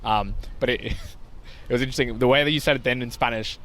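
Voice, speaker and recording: A man's voice: medium pitch, a bit bright. A man co-hosting a podcast, telling stories and joking with his friend in casual chat. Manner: chatty storyteller, quick to tease back. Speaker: podcast co-host.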